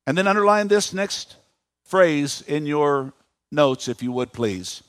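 A man in his fifties preaching a sermon in a church, animated, asking the congregation questions. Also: a little high, takes it slowly, no echo, studio quality. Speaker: pastor.

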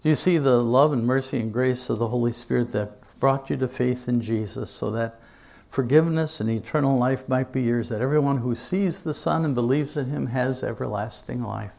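A male pastor preaching a sermon in church to his congregation, earnest and emphatic, with dramatic pauses. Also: medium pitch, creaky, a little mellow.

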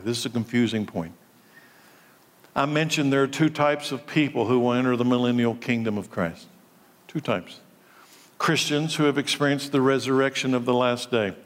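A male pastor preaching a sermon, emphatic and full of rhetorical questions. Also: mid-range voice. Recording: long reverb of a large hall.

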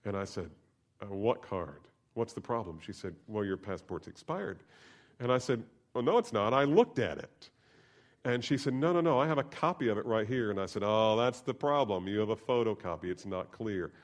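A male pastor preaching a sermon, telling a personal story and swinging from soft, hushed asides to loud, emphatic preaching. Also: on the low side, normal speed.

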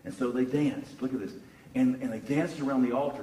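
Animated man preaching in echoey hall. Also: mid-range voice, brisk. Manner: animated storytelling, repeats words while searching. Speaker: pastor. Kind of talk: sermon. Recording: echoey room from far off.

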